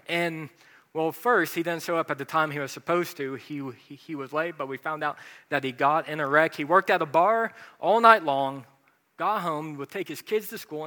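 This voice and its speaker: Bright-voiced pastor in a big hall. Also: male voice, a little high. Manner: humorous, self-deprecating anecdotes. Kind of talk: storytelling sermon.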